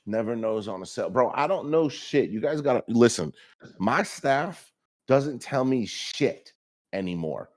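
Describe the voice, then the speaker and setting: A young man co-hosting a casual morning talk show, telling stories with profane, animated banter. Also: unhurried, no echo, clean studio sound. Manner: animated storytelling, jumps high when quoting himself. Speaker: co-host.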